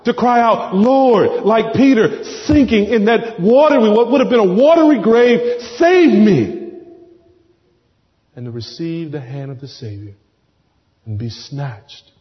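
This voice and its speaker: A man preaches with passion in a fairly high voice, his phrases climbing and then sinking into quiet pleading. The sound is dull and muffled. A long reverb trails behind him, as in a large church. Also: expressive, a little slow. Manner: impassioned preaching, swelling then dropping to hushed pleading. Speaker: pastor. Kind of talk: sermon.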